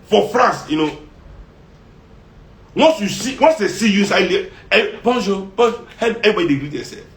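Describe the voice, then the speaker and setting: A man's voice: sits high, sing-song, brisk. A man with a Nigerian accent giving an impassioned monologue, fiery and laughing often as he slips into pidgin. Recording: roomy echo.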